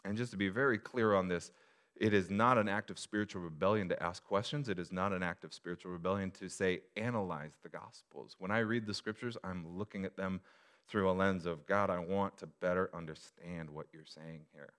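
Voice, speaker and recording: A male pastor preaching a sermon to his church, moving from quiet reflection to loud, emphatic appeals. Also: deep voice, a little fast.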